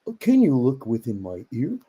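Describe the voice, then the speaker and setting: A man's voice: mid-range voice, huge pitch swings, normal speed, warm tone, slightly rough, dull audio. A man voicing a prim British storybook narrator, reciting rhyming children's verse in a singsong way. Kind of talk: reading a children's book aloud.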